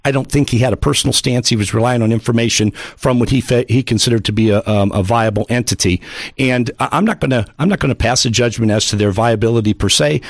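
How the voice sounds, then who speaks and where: Gravelly fast-talking radio host man. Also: mid-range voice, dry recording. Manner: fast, gravelly, earnest with restarts. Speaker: radio talk show co-host. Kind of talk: talk radio hosting. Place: radio studio.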